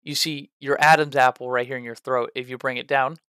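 A man talks through tips for tabletop role-play characters in a loose, rambling way, full of "uh" fillers. He slips in playful voice demos as he goes, at a middle pitch, and the sound is dry and close, with no room echo. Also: fairly quick, clean tone. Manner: lively, trying out voices as he explains. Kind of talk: casual advice video.

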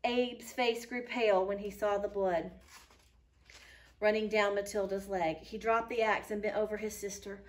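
A woman teacher reading a children's book aloud to a class, clear and patient, stopping now and then to comment. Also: medium pitch, steady tone, normal speed. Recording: voice a little far from the mic.

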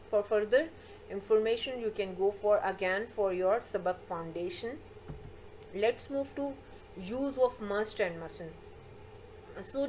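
Woman teacher, mid-pitched voice, explanatory lesson, repeats points, faint background hiss. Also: rough recording. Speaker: school teacher. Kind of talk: recorded English grammar lesson.

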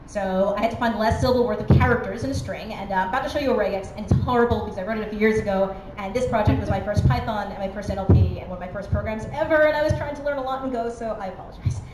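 A woman's voice: medium pitch, racing, few pauses. A woman giving a conference talk, chatty and self-deprecating, with many fillers. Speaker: conference speaker. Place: conference hall. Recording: echoey hall with background noise.

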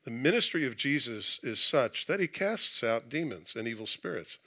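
A pastor giving a conversational sermon in a church, mixing scripture reading with casual asides and jokes. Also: male voice, mid-range voice, very animated, normal speed, pushed and bright. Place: church sanctuary.

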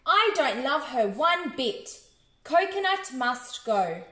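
Lady playing a grumpy shouty teacher guy, high lively voice, echoey room. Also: slow, full character voice. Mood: scolding. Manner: shouting, scolding. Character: stern grumpy male teacher.

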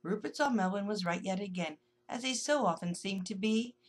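A woman narrating a rhyming children's story in a gentle, sing-song way. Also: medium pitch, moderate pace.

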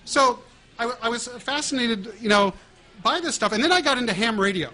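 Animated man telling stories with a high voice. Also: a little fast. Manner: animated, laughing at his own prank stories. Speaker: author giving a talk. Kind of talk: storytelling talk to an audience. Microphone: wireless mic while walking around.

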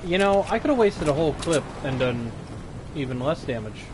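Here the streamer's voice runs on the high side with big pitch swings at a normal speed. He chats through live gameplay and teases opponents in fun, with gunfire and game effects making things noisy behind him.

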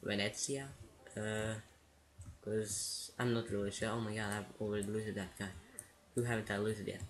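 A man giving casual, excitable gameplay commentary, rambling and giggling as he plays. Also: fairly low pitch, moderate pace. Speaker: let's play gamer.

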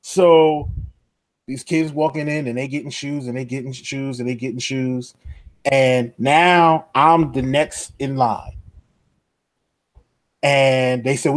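A man's voice: medium pitch, steady tone, slow, pauses often. A man with a New York accent, co-hosting a podcast and telling a long story while acting out other people's voices. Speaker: podcast co-host. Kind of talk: animated storytelling.

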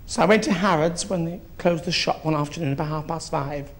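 A man's voice: on the high side, a little fast, lightly acted. A man doing a bawdy old queen mother. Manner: mock-genteel storytelling with crude punchlines. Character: bawdy elderly queen mother, grand yet foul-mouthed. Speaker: drag comedian. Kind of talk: live stand-up drag act. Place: theatre stage before a live audience.

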